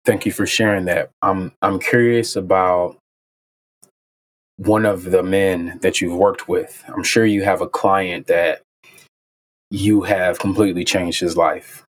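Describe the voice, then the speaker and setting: A man hosting an interview asks his questions in a measured, curious way, pausing on fillers as he goes. His voice is very low for a man. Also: steady tone. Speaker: interview host.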